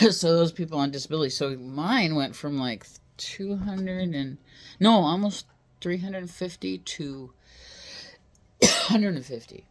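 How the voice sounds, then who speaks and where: A woman vlogging casually from California, filming her home and garden on a phone and chatting in a rambling, talkative way. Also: takes it slowly. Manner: chatty, rambling, talks to pets in a high sing-song. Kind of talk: casual home tour chat. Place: home and garden, indoors and outdoors. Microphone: phone held while filming.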